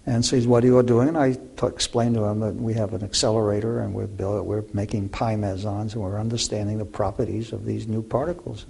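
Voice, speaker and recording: A man's voice: lowish voice, fairly even intonation, a little fast, hardly any pauses, darkish tone. An older man, a physicist guest in an interview, recounting memories with many fillers and restarts. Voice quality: gravelly, raspy voice. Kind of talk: interview storytelling.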